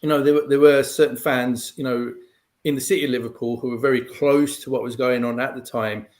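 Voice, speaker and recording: Measured man explaining club history. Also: mid-range voice, fairly even intonation, darkish tone. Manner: measured, explanatory, many "um" and "you know". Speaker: guest pundit. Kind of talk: conversational analysis.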